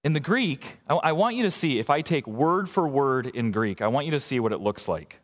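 A man preaches with a lively, swinging pitch. He presses key words hard, then drops to quiet, slow asides. His voice carries a long reverb, as if he is in a big church hall. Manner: expressive preaching, swings between emphatic highs and quiet asides. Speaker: pastor. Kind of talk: sermon.

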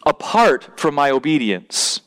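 A male pastor delivering a sermon in a church, with a voice pitched a bit above the usual for a man. He talks earnestly, often repeating words as he thinks, and climbs into louder, emphatic preaching. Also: sing-song, unhurried. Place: church building.

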